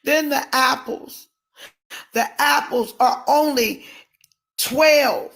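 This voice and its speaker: Speaking very slowly in a high-pitched voice, a woman preacher rants emotionally during a live stream. She talks directly to viewers by name and often rises to shouts.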